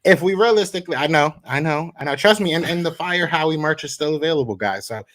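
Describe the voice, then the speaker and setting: A man's voice: on the high side, lively intonation, quick pace, a bit bright, no echo. A man, co-hosting a casual sports podcast, talking in rambling bursts with many restarts. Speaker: podcast co-host.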